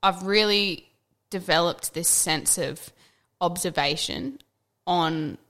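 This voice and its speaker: A woman's voice: fairly low pitch, takes it slowly. A young adult woman, chatting earnestly as a podcast co-host and acting out the people in her stories. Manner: earnest, animated storyteller, acts out quotes, swears casually. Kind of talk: casual chat.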